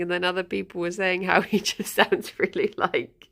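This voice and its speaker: A woman's voice: lowish voice, level tone, normal speed, a bit bright. A woman streamer chatting casually with her viewers, rambling and giggling often. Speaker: livestreamer.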